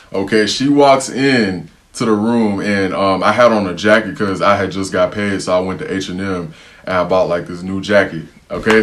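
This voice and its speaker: A young man telling a story to camera in a casual, slangy, animated way, acting out what people said. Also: low-pitched. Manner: animated, slangy storytelling, repeatedly saying "bro", acting out quotes.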